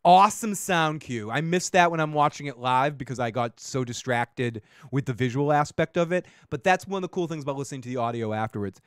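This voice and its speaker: Reviewing a TV episode on his podcast, a man from Massachusetts, USA, with a Boston accent rambles and swears, often trailing off and starting over. He talks fairly quickly with few pauses in a bright, clean mid-range voice, with no room sound.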